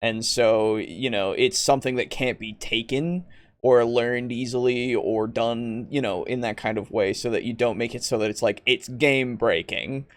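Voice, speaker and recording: A man co-hosting a podcast in casual chat, who laughs often, swears freely and drops into quick silly voices. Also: mid-range voice. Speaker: podcast co-host.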